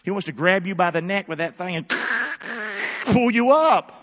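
Man, pastor, sermon, high voice, bright tone, call-and-response, echoing church hall. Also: moderate pace, lo-fi sound. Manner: fiery call-and-response preaching, shifting from hushed to shouting.

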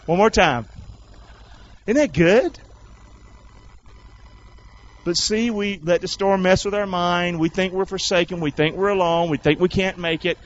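A man preaching a sermon in a folksy, call-and-response way, swinging between shouted lines and low asides. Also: measured pace, long pauses, lo-fi sound. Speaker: pastor.

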